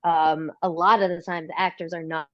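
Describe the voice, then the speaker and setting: A woman's voice: lowish voice, level tone, moderate pace, no room sound, lo-fi sound. A woman chatting casually as a podcast guest, rambling with many likes and restarts. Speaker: guest, film fan who acts.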